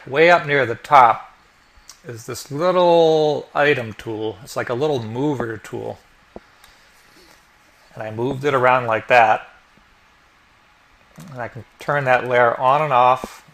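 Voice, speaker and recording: A man narrating a software tutorial step by step as the instructor, explaining each click as he goes. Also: medium pitch, unhurried, vocal fry, pauses often. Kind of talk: screen-recorded tutorial narration.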